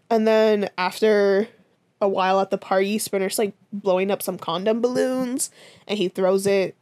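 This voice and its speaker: A woman's voice: mid-range voice, normal speed. A young woman co-hosting a podcast, casually recapping a TV episode with lots of fillers and swearing. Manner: animated, swearing, fillers and 'this, that, and the fourth'. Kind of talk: casual chat, recap storytelling.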